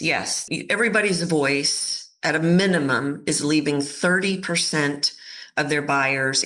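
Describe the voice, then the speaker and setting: A woman voice coach giving an interview on a podcast, talking expressively and acting out the voices of people in her stories. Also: deep voice. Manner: expressive, acts out quoted voices. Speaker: voice coach guest.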